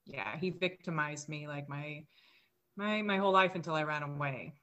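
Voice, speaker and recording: A woman guest on a podcast, recounting her life in a slow, hesitant, halting way. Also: low-pitched, bright, forceful tone, highs cut off. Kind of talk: casual interview chat.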